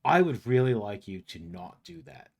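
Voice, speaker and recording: Male player, mid pitch, gravelly, dry and resigned delivery. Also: sing-song, normal speed. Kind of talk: playing a tabletop game.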